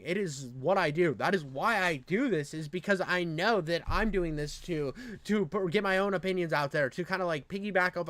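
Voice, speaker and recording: A high-pitched man tears into a clip in a profane, mocking rant, now and then mimicking others sarcastically. His voice sits dry and close to the mic. This is reaction commentary in a loose, heated style. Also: sharp tone, dry recording. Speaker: commentary channel host.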